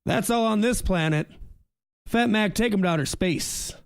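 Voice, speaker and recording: A podcast co-host with a high, smooth voice talks at normal speed, full of animated, joking banter in casual chat as he also reads sponsor spots. The recording is clean and dry, with a studio sound.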